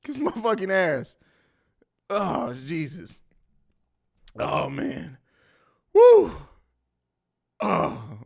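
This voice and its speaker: Laughing, cussing American stream host. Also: male voice, fairly high pitch, very animated, drawn-out words, gravelly, pauses often, fairly bright tone. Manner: profane, laughing, slangy. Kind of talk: casual post-game stream chat.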